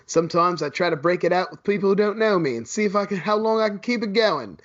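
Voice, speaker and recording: A man co-hosting a casual movie podcast, trading quick crude jokes. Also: sits high, expressive, dull audio, crowd noise. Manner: quick, joking, profane. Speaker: podcast co-host. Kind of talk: casual banter about movies.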